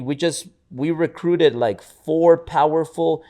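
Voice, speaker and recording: At a medium pitch and normal speed, the man co-hosting this podcast spins casual motivational stories. His animated telling features frequent word restarts and impressions of what others said.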